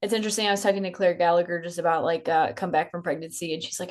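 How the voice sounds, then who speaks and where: A woman co-hosting a podcast, chatting in a relaxed, easygoing way with casual fillers. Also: on the low side, rapid-fire, hardly any pauses. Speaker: podcast co-host.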